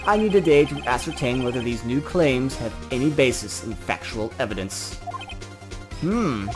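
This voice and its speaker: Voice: mid-range voice, animated. A let's player reading a courtroom game's dialogue aloud and voicing every character in turn. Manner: voices every character in turn, with quick asides. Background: game music.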